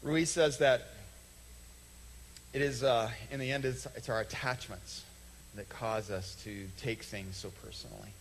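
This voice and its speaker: A pastor preaches to his church in a relaxed, conversational way, slipping into little quoted back-and-forths and then slowing right down to land a point. His voice sits in an ordinary middle pitch for a man. A faint hum runs under the stage microphone. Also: creaky, low-quality recording. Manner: conversational, acts out little quoted dialogues, slows for emphasis. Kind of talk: sermon. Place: church sanctuary.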